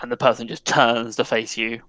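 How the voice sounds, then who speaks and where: A man's voice: mid-range voice, level tone, a little fast, bright, forceful tone, no room sound. A man narrating a tabletop game as game master in a casual way, with many fillers.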